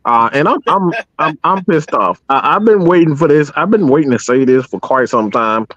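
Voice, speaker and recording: A man's voice: fairly high pitch, lively intonation, moderate pace, fairly bright tone, dry recording. Heated male stream co-host, profane, stammering, dry lo-fi mic. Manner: fired-up, profane, stammering restarts. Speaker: podcast co-host. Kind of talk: heated live stream rant.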